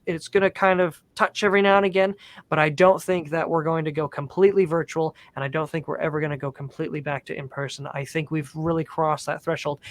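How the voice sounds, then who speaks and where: A man who works as a professional Santa performer, chatting eagerly as a guest over a video call from his home studio. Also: on the high side. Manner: eager, talkative explainer. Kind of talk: casual interview chat. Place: home studio decorated with Christmas trees.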